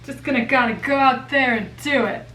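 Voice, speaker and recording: A woman's voice: sits high, normal speed, bright, forceful tone, slight background noise. A young woman doing her makeup on camera, chatting in a playful, self-mocking way. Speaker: makeup vlogger. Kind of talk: casual chat. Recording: roomy echo, mic at a distance.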